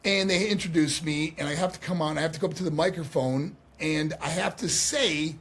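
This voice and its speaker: A man in his sixties from New York with a husky, fairly high voice. He tells his stories with animation, acts out the quotes and laughs along as he goes. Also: fairly quick, fairly bright tone. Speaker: guest, former pro wrestler. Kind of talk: storytelling in a podcast conversation.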